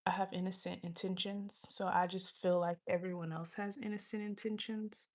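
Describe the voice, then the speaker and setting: A woman's voice: lowish voice, flat delivery. A woman in her twenties casually telling a rambling, slangy story to her livestream viewers, acting out what others said and sometimes dropping into a whisper. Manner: rambling, slangy, reenacts others' lines with quick asides; drops into whispers when swearing. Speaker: livestream host.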